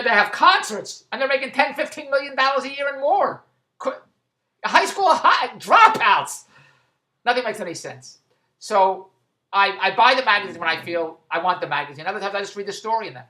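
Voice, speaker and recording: A man's voice: high-pitched, expressive, a little fast, bright, forceful tone. A man in a rambling monologue vlog, stumbling and restarting as he goes, amused at his own tangents. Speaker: vlogger.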